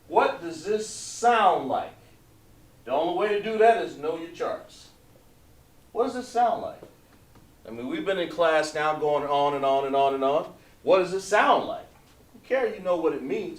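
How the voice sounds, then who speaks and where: A man teaching an online language class, patient and repetitive, drawing out words slowly to model pronunciation. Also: a little high, animated, far from the mic. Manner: patient, repeats points, drawn-out slow pronunciations. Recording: echoey room, voice away from mic.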